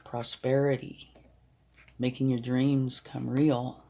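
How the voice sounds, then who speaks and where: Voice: mid-range voice, level tone, slow, dark tone. A tarot card reader giving a reassuring, emphatic reading, sometimes dropping to a whisper for emphasis.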